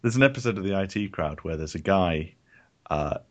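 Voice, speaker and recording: Deep-voiced man with dry, deadpan humour. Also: a little fast. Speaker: podcast co-host. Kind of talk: casual chat.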